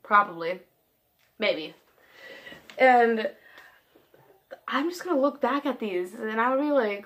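A woman's voice: a little high, lively intonation, slow pace, long pauses, a bit bright. Giggly teenage girl rambling on her vlog. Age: teens. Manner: giggly, scattered, self-deprecating. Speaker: vlogger. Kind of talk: casual rambling vlog chat.

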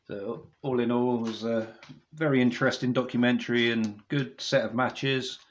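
A man's voice: mid-range voice, steady tone, normal speed. Give me a man chatting through a DVD review at home, rambling and apologetic, recorded on a dull camera mic. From United Kingdom. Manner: rambling, keeps apologising to viewers.

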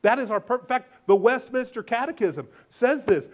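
A male pastor giving a lively, joking sermon, swinging between loud declarations and hushed asides. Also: very high-pitched, moderate pace, few pauses, dull audio. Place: church sanctuary.

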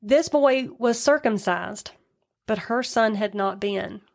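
A woman's voice: mid-range voice, slow, creaky. A woman co-hosting a podcast, retelling a true-crime case in a chatty way with asides. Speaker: podcast co-host.

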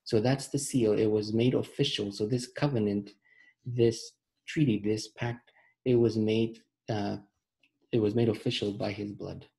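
Middle-aged male Sunday school teacher; earnest, deliberate verse reading, dark mellow timbre. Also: fairly low pitch, fairly even intonation, vocal fry, poor audio. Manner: earnest, repeats phrases, reads verses slowly. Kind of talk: children's Bible lesson.

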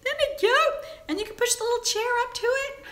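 A woman hosting a casual live chat, reading viewer comments aloud and gasping and squealing over small toys. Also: a little fast. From Southern United States. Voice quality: giggly, exclamatory, high and animated. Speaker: live stream host.

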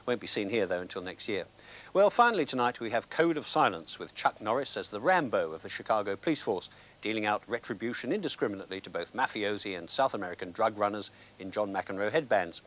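A man's voice: fairly low pitch, expressive, fast, fairly bright tone. A man with a British accent presenting scripted film reviews with dry, sardonic wit.

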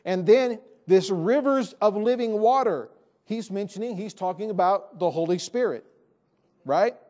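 A man's voice: high voice, animated, unhurried, dark tone. A male pastor preaching a sermon in a church, emphatic and repeating his key phrases. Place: church sanctuary.

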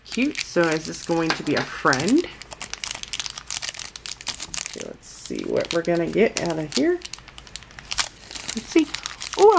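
Excitable woman gushing over toys. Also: lowish voice, creaky, a little hiss or hum. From United States. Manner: gushing, excitable, addresses viewers as guys. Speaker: toy unboxing vlogger. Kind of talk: casual unboxing narration.

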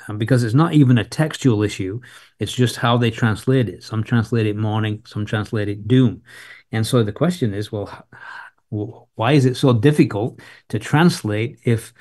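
A man's voice: fairly low pitch, moderate pace, darkish tone. Man giving a conversational verse-by-verse Bible teaching. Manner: conversational and explanatory, reading scripture aloud then unpacking it.

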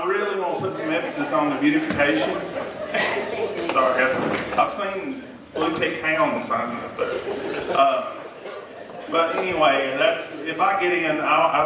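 A man with a Southern US accent, a city council candidate giving an earnest forum speech and repeating himself now and then. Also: a little high. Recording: echoey room, mic far off, noisy.

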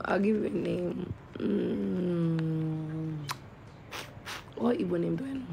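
Woman, tired croaky voice, slow playful drawl, late-night live stream chat, faint background hum. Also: lowish voice, dark tone. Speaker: livestreamer reading comments.

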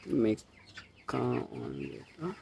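A co-host reading viewers' comments aloud on a live stream, slow and halting. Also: mid-range voice, very animated, vocal fry, background noise.

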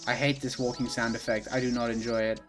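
A man streaming himself playing a video game, reacting out loud and swinging from low mumbles to sudden outbursts with lots of swearing. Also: fast, over music. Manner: excitable, profane, swings from mumbling to yelling. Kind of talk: live gaming commentary.

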